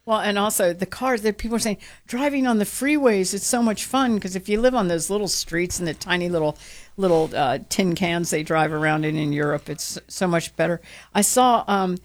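A woman's voice: on the low side, brisk. An American woman co-hosting a talk show, chatting casually and acting out the stories she tells. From United States. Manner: animated storyteller, acts out quotes. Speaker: talk radio co-host. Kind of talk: casual chat.

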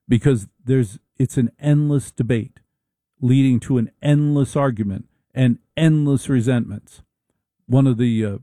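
A middle-aged man hosting a casual, humorous monologue, with a wry, deliberate, drawn-out delivery. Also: mid-range voice, creaky, mellow, no room sound.

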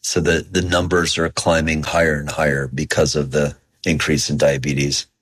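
A male researcher answering interview questions in a measured, explanatory way. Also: a bass voice, level tone, fairly bright tone, breathy edge. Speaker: researcher guest.

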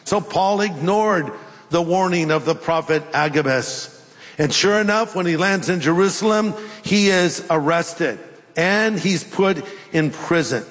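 A man's voice: a little high, unhurried, a bit bright. A middle-aged male pastor preaching a sermon, animatedly acting out biblical dialogue in voices. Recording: long reverb of a large hall.

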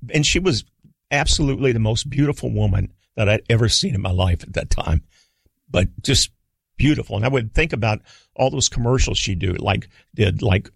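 An older man, a guest on a radio talk show, telling stories in a relaxed, rambling way with fillers and restarts. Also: lowish voice, gravelly, husky, dry recording. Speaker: guest, radio executive and author. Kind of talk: relaxed storytelling. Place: studio.

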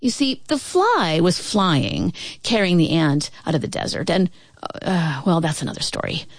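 A woman narrating a children's storybook aloud in an expressive, playful way. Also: fairly low pitch, unhurried, no room sound, studio quality.

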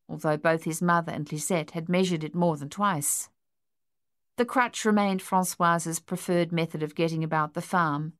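A woman's voice: on the low side, no echo, clean studio sound. Woman narrating an audiobook. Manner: measured, even storytelling delivery.

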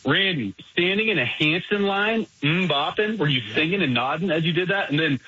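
Man calling in, jokey, slightly raised pitch, bright and husky, muffled line. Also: expressive, moderate pace, no echo. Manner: jokey, playful. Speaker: caller. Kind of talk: phoned-in radio chat.

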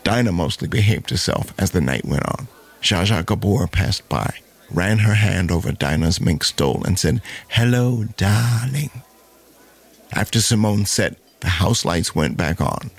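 A man narrating a story in a measured, steady way. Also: low-pitched, gravelly, slightly rough.

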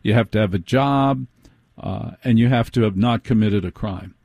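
A man's voice: fairly low pitch, moderate pace, creaky, darkish tone, breathy edge, dry recording. Wry late-night radio host, man. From United States. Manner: chatty, wry, digressive storytelling.

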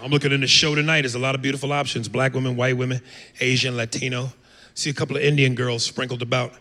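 A man's voice: mid-range voice, flat delivery, quick pace. A man from the United States doing a brash, profane stand-up set on a comedy club stage. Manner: brash, profane, jumps into loud impressions. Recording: live club with reverb and room noise.

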